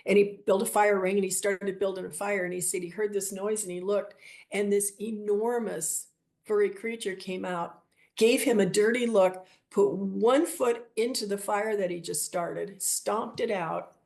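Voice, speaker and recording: A woman guest telling stories in an interview, animated and acting out the voices of the people she quotes. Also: medium pitch, normal speed, vocal fry. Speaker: guest, shop owner. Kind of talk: storytelling interview.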